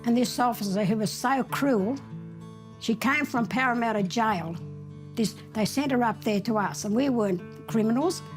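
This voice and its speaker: A woman's voice: fairly high pitch, normal speed, soft background music. A woman in her seventies with an Australian accent, telling her childhood story in a blunt, plain-spoken way with dry defiance. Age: 70s. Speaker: interviewee recounting her childhood.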